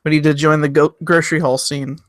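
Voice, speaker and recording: A young man talks fast in a slightly high voice, teasing his co-host and laying down firm opinions. His voice is close and dry on the mic. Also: little pitch movement, dry recording. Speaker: podcast co-host. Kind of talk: casual chat.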